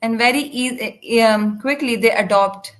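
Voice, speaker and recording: Woman with a slightly high voice, live interpreter for a spiritual class, halting delivery with restarts. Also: poor audio. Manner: halting, with frequent restarts and fillers. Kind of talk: live translation of a devotional lecture.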